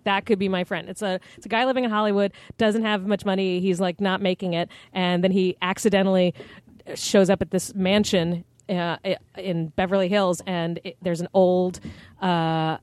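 A woman's voice: mid-range voice, no room sound. A woman comedian guesting on a podcast, chatting casually in a rambling way. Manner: rambling, chatty, many fillers.

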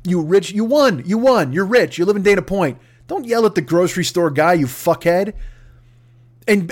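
A man's voice: high voice, animated, normal speed. A man hosting a podcast, ranting angrily and sarcastically with heavy swearing. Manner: angry, sarcastic, swearing heavily. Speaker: podcast host. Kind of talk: profane comedic rant.

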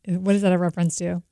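A woman co-hosting a podcast in casual chat, talkative and quick to laugh. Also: lowish voice, vocal fry, warm tone, no echo, clean studio sound. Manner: chatty, laughs often. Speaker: podcast co-host.

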